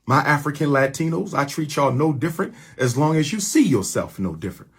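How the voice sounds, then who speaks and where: A man's voice: on the high side, lively intonation, fairly quick, breathy edge. A man delivering an impassioned, preachy rallying address to his followers, repeating his lines for emphasis. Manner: preachy, repetitive call-and-response phrasing.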